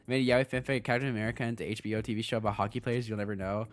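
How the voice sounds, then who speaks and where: A young man chatting casually on a livestream as a VTuber streamer, excitable, laughing often and swearing freely. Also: medium pitch, fast, soft background music.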